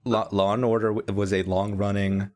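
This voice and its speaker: A man co-hosting a casual podcast who jokes and teases with quick pop-culture references. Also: lowish voice, level tone, a little mellow. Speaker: podcast co-host. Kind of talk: casual chat. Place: Boston.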